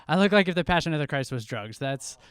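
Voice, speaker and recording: Smooth-voiced stand-up comic, self-deprecating. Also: male voice, on the high side, fast talker. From New Jersey. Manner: self-deprecating, relaxed deadpan delivery. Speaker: stand-up comedian. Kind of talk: stand-up comedy set. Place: comedy club stage.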